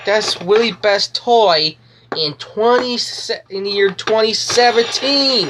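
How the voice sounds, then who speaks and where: Giggly, very slow-talking excited woman. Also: mid-range voice, noisy background. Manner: gushing, giggly, repeats exclamations. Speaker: toy reviewer. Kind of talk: excited toy review vlog.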